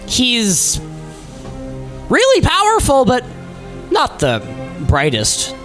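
A man's voice: very high voice, wildly swooping pitch, slow, a bit bright, soft background music, voice pushed up, exaggerated voice. A man doing an exasperated demon woman. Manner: weary, apologetic explaining.

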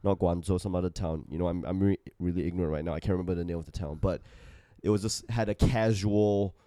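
A young Australian man with a low voice and a stuffed nose hosts a casual podcast chat. He rambles and laughs at himself often, and the recording is close and dry. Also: steady tone, fast talker, dark tone, smooth, no echo. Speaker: podcast host.

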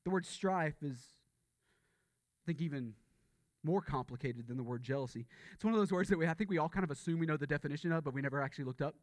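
Pastor guy preaching, kinda high voice, chatty, repeats himself a lot, dry close sound. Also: fast talker, no echo. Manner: conversational, repeats words, asks rhetorical questions. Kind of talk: sermon.

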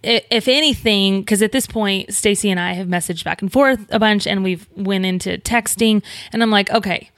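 A woman's voice: mid-range voice, moderate pace, hardly any pauses, fairly bright tone, no room sound, studio quality. A woman, chatting casually as co-host and acting out quoted dialogue while telling a story. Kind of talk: casual chat.

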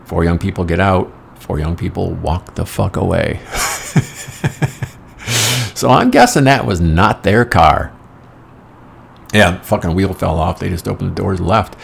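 Brief: middle-aged man, very low gravelly voice, rambling wry storyteller. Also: lively intonation, unhurried, pauses often, a little hiss or hum. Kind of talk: casual anecdotal monologue.

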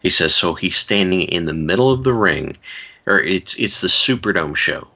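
Very deep gravelly man telling stories. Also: expressive, normal speed, pushed and bright. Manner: rambling, self-interrupting, wry asides. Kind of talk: casual storytelling chat.

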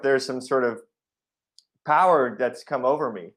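Guy on a comedy podcast, deadpan and fake-solemn, middle pitch. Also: unhurried, pauses often. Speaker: podcast co-host.

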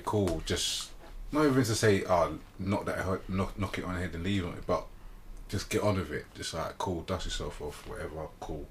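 Man, very low voice, bright tone, relaxed podcast host, faint hiss. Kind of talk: casual podcast chat.

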